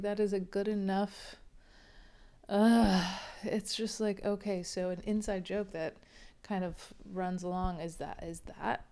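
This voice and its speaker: A woman's voice: mid-range voice, a little mellow, smooth. A woman reviewing a romance novel in a chatty, sarcastic way. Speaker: book reviewer. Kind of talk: casual book review.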